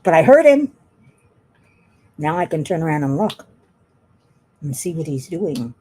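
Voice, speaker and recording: A woman's voice: deep voice, very animated, measured pace, dark tone, a little hiss or hum. A woman chatting casually while she works on a craft at home, rambling and laughing often. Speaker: craft vlogger.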